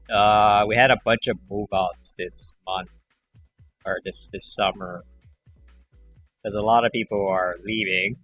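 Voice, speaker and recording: Male streamer, lowish bright voice, rambling casual chat, faint music underneath. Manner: rambling, acts out callers in animated voices. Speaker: livestream host.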